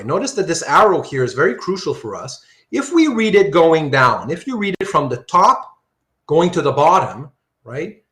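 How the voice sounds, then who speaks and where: A man teaching an online philosophy class, animated and often checking in with "right?". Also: fairly high pitch, echoey room. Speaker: philosophy lecturer.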